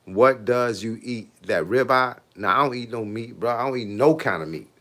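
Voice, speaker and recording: A man's voice: mid-range voice, normal speed, fairly bright tone. A middle-aged man, a fitness coach chatting casually with viewers on a live stream, laid-back and laughing often. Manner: laid-back, repeats "hey, look" and "bro", laughs often.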